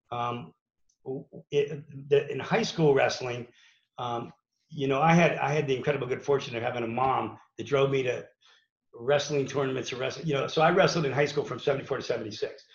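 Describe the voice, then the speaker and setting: A man's voice: medium pitch, creaky. A man from Pittsburgh, a former wrestler, telling his story in a casual, rambling way with many fillers and restarts. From Pittsburgh, USA. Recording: echoey room, dull lo-fi sound.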